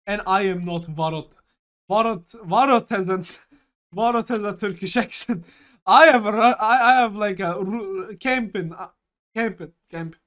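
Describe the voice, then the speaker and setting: A man's voice: high voice, a little slow. A young man from Germany co-hosting a casual podcast over a voice call, rambling and joking. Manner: rambling, joking, bursts into shouting. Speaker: podcast co-host. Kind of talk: casual chat. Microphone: online voice call.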